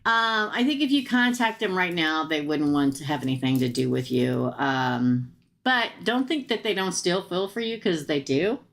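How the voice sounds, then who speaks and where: A woman's voice: low voice, moderate pace. A woman reading tarot cards on a live stream, chatting straight to her viewers in a casual, blunt way with slangy asides. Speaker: tarot reader.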